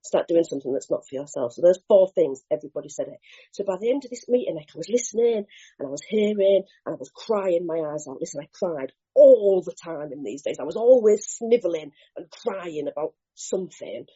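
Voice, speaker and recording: A husky, dark-toned woman tells her recovery story with big swoops in pitch, candid and full of slang. The recording is dull and lo-fi, as if captured at a meeting. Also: brisk. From Bristol, England. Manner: lively, candid, acts out scenes with swearing and slang. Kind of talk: animated personal storytelling.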